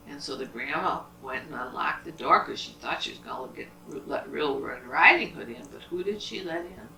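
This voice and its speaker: An older woman telling fairy tales to a child in an animated, lively way, stopping to ask questions. Her voice is bright, and she sounds a little away from the mic in an echoey room. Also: very deep voice, fairly quick, gravelly, few pauses, a little hiss or hum. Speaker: storyteller. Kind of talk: reading children's stories aloud. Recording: roomy, distant home recording.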